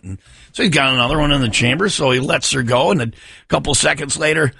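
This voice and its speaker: A male radio co-host in casual banter, rambling and self-interrupting as he tells an animated joke. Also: on the high side, fast, creaky, a little hiss or hum.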